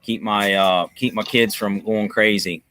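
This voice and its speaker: A man's voice: on the low side, steady tone, a little slow, fairly bright tone. A man co-hosting a casual livestream chat, talking in an easygoing, teasing drawl. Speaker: co-host.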